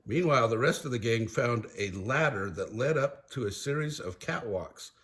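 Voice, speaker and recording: An older man reading a children's storybook aloud in a slow, animated storytelling manner. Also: mid-range voice. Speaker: storybook reader.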